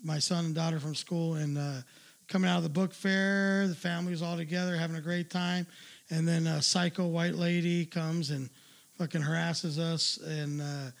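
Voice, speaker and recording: A man's voice: fairly high pitch, level tone, moderate pace, creaky. A man hosting a livestream, telling a crude story in a profane, ranting casual way. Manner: profane, ranting, loud asides. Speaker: livestream host.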